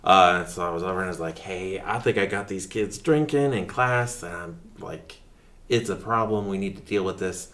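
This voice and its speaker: A man's voice: low voice, moderate pace, fairly bright tone. A man, a teacher telling a story on a podcast with many restarts and quotes. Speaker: teacher and coach. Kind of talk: telling stories in a podcast interview.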